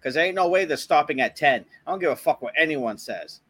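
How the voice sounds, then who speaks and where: A man's voice: a little high, lively intonation, fast talker, a bit bright, a little hiss or hum. A young man with a Boston accent, hosting a podcast in casual, swear-filled chat. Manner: swears constantly, laughs often. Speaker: podcast host.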